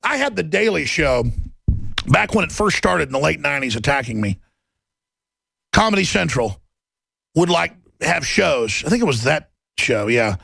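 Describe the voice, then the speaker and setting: A middle-aged male radio host in a sarcastic, mocking rant that keeps breaking into shouts. His gravelly voice sits high and swings widely up and down. The recording is dry and close. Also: big pitch swings, normal speed, long pauses, dry recording. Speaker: radio talk show host. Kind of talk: ranting talk radio monologue.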